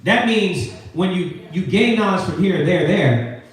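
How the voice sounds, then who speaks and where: A man teaching a Sabbath scripture class, preaching in an animated, slangy way and firing questions at the group. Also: high-pitched, a little slow, heavy reverb, recorded from a distance, rough recording. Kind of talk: call-and-response scripture teaching. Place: classroom or meeting hall with a live group.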